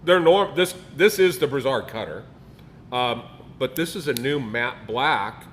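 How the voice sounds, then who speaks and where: A man's voice: medium pitch, animated, unhurried, a bit bright, a little hiss or hum. A man co-hosting a casual livestream in a cigar shop, joking around in a boisterous way. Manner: joking, boisterous, does mock accents.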